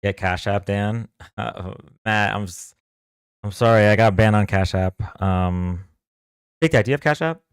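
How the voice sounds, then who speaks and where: A man in his thirties hosting a live political debate stream, talking casually in a laid-back monotone while hoarse and losing his voice. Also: lowish voice, unhurried, no room sound.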